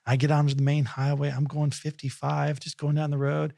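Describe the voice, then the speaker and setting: A man co-hosting a podcast, telling a lively personal story and acting out the voices in it. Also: fairly high pitch, fairly quick, gravelly, dry recording, studio quality. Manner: animated storyteller, acts out quotes. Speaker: podcast co-host. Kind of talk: casual podcast chat.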